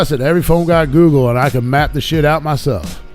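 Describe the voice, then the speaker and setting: A man's voice: a little high, normal speed. A man hosting a radio show, telling a long story in casual, profane chat and acting out the quotes of people in it. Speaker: podcast host. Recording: faint music behind.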